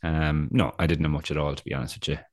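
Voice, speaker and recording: A man's voice: a bass voice, steady tone, fast, no room sound, clean studio sound. A young adult man, co-hosting a podcast and telling rambling, self-deprecating stories full of fillers. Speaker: podcast co-host. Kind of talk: casual chat, storytelling.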